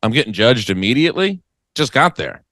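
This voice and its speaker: A man co-hosting a comedy podcast, telling his stories with a lot of swing in his pitch. He keeps slipping into little impressions of other people. The sound is close and dry, with no room in it. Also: a little fast, no room sound. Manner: animated storyteller who acts out other people's voices. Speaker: podcast co-host. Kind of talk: casual comedic chat. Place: lives in New York.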